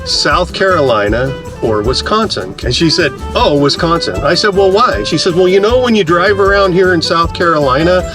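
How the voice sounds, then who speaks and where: A man's voice: high-pitched, animated, normal speed, hardly any pauses. A man hosting a casual RV travel vlog, chatty and jokey, with music behind him. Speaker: RV travel vlogger.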